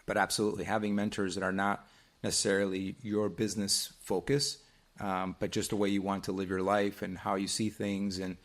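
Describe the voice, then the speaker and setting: A man with a deep voice co-hosts a podcast in loose, casual chat. He thinks out loud, circling back with restarts as he goes. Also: flat delivery, a little fast. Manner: reflective, rambling with restarts. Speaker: podcast co-host.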